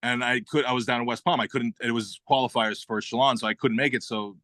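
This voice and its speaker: Man, casual chat host, animated storyteller, swears, dry close sound. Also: mid-range voice, quick pace, dry recording. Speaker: gaming channel host.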